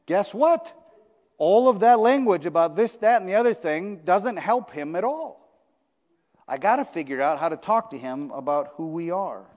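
A male pastor preaches in a church sanctuary, his fairly high voice carried by a long hall reverb. His sermon style is conversational, and he often repeats phrases for weight. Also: lively intonation, moderate pace, darkish tone.

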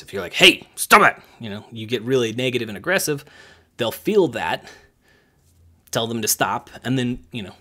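Male coach, mid-pitched, loose and chatty delivery, full of fillers. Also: a bit bright. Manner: loose, chatty, many fillers, acts out kids and stern lines. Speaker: gymnastics coach. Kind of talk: casual coaching talk to camera.

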